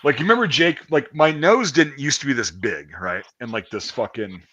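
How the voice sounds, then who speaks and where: A man's voice: mid-range voice, expressive, normal speed, bright, forceful tone. Profane rambling storyteller man. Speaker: stream host. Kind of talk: casual storytelling chat.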